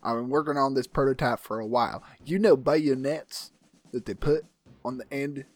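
A man's voice: mid-range voice, normal speed, dry recording, faint music behind, lightly acted. A man playing a gleeful weapons inventor in an improvised comedy podcast, with crude, boastful banter. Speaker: podcast host. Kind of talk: improvised comedy role-play.

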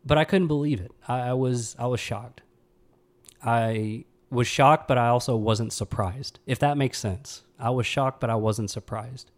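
Somber man telling a personal story. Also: medium pitch. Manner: somber, halting, with frequent restarts. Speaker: podcast host.

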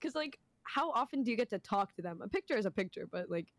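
A young woman guest in a casual podcast chat, animated and slangy, often laughing. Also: mid-range voice, fast, dry recording.

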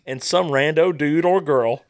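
A young man with a fairly high voice runs a rowdy podcast among friends. He tells crude stories loudly and often breaks into laughter. The recording is close and dry. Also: measured pace, no echo. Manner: loud storyteller, laughs often, crude jokes. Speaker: podcast host. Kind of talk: rowdy casual podcast banter.

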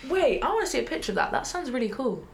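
A woman's voice: high voice, fast, vocal fry. A young woman, co-hosting a casual chat podcast and telling stories with lots of "like". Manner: chatty, animated storytelling with frequent "like". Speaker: podcast co-host. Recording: echoey room.

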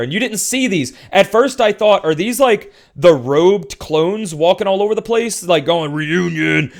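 A young man in casual talk, ranting about a video game, swearing a lot and rambling with restarts. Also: high-pitched. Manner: profane, rambling, gets loud and excited.

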